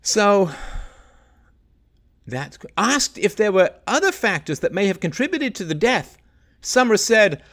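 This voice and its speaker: A man's voice: sits high, sing-song, a little slow, long pauses, fairly bright tone. A middle-aged man hosting a solo livestream, reading news aloud and picking at it with sarcastic, exasperated rhetorical questions. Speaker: livestream host.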